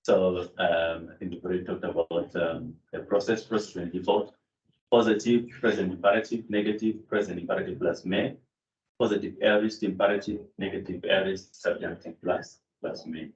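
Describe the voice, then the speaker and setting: In a classroom lecture, a Greek teacher talks through grammar methodically, peppering his explanation with fillers and self-corrections. His voice sits low, with fairly even intonation and a moderate pace, and the distant mic captures a dull, echoey room.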